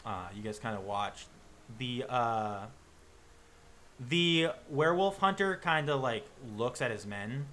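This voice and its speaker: A man's voice: mid-range voice, lively intonation, slow pace, fairly bright tone. A man running a tabletop game as game master, narrating loosely with lots of fillers and restarts.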